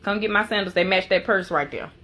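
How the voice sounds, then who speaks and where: A woman's voice: medium pitch, fast, sharp tone, breathy edge. A middle-aged woman and mother, chatting in a sassy, talkative way for a casual family vlog. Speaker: mother and vlogger.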